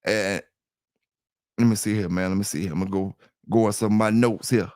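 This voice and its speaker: A middle-aged man hosts a livestream, chatting casually to his listeners in a rambling, repetitive way. His voice is on the low side and a little mellow, brisk with fairly even intonation, recorded as clean studio sound with no room sound.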